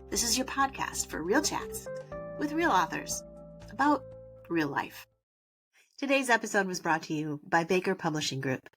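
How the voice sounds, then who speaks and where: A woman hosting a podcast, upbeat and quick to laugh as she introduces the show and her guest. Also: mid-range voice, fairly bright tone. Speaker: podcast host. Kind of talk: casual podcast intro and chat.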